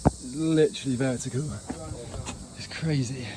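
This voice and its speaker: A man's voice: medium pitch, steady tone, measured pace. A young man talking casually to the camera while climbing steep stairs outdoors, out of breath, chatty and self-mocking. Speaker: travel vlogger. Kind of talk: casual vlog narration while hiking. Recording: outdoor camera audio with clear background noise.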